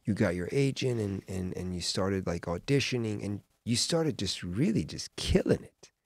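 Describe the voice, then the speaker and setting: A man hosting a podcast, telling a lively travel story in casual chat and acting out other people's voices. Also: on the low side, moderate pace, creaky, no room sound. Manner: animated storyteller who acts out quoted voices. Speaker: podcast host.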